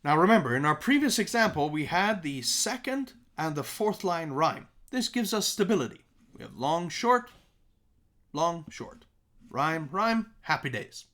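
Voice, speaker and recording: A man teaching songwriting in a recorded lesson, his pitch leaping up and down as he explains. He chants simple rhymes to make his points and checks in often with "okay?" and "right?". His voice sits a little above the usual male range. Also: unhurried. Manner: animated, chanting rhymes as examples. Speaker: music teacher.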